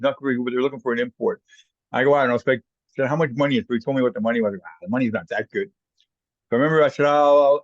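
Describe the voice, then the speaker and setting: With a medium-pitched voice, a former Canadian hockey player swaps casual anecdotes as a guest, putting on the voices of those he quotes. The audio is dull with no echo.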